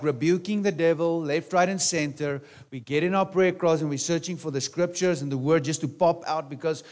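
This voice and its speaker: Male pastor with a lightly raised pitch, preaching in a chatty, questioning way that often turns to soft asides. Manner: conversational preaching, rhetorical questions, frequent "right?" and "amen?". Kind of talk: sermon.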